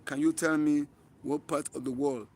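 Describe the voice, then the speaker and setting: A man's voice: fairly high pitch, fairly even intonation, normal speed, darkish tone, slight background noise. A man with a Nigerian accent hosting a live stream outdoors, talking earnestly to viewers and often repeating and restarting his phrases. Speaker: livestream host. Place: outdoors in bright sun.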